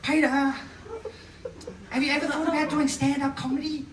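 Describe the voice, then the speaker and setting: A man's voice: very high voice, little pitch movement, moderate pace, a little hiss or hum, voice pushed up. A man putting on the voice of a chirpy, encouraging male hypnotherapist in a stand-up set. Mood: eager. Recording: roomy, distant live-venue sound.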